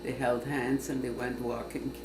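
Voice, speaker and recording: A man's voice: mid-range voice, level tone, moderate pace, background noise. An older man fondly remembering his parents in a nostalgic way. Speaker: interviewee. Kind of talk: reminiscing. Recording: echoey room with crowd.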